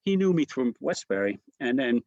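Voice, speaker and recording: A man's voice: mid-range voice, very animated, moderate pace, darkish tone, no echo, highs cut off. A man, a comedian guest, telling rambling stories and mimicking the voices of others. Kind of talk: storytelling anecdotes.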